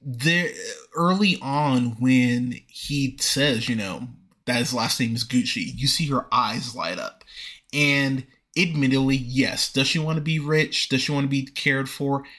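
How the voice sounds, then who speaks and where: A man hosting a movie review podcast, talking casually with frequent pauses and restarts. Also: medium pitch, fairly bright tone. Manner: conversational, frequent fillers and restarts. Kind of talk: casual spoken film review.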